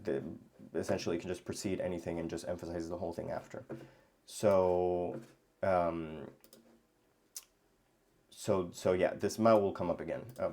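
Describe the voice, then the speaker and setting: A man teaching grammar in a casual lesson, thinking aloud with many pauses and restarts. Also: low-pitched, darkish tone. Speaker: language teacher.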